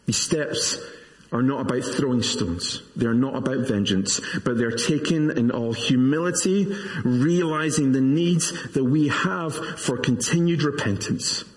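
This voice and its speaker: A pastor in his forties delivers a sermon in an earnest, measured voice, now and then dropping in a self-deprecating aside. His voice sits at an ordinary middle pitch for a man. The sound rings around a large church hall with a long, roomy reverb.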